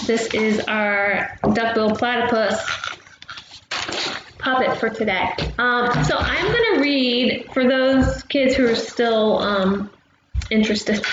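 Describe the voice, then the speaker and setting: A woman running a casual lesson for young children, chatty and explaining things simply with many pauses, recorded on a laptop microphone at home. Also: fairly high pitch. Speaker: travel agent host. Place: home room. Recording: dull, echoey room with background noise.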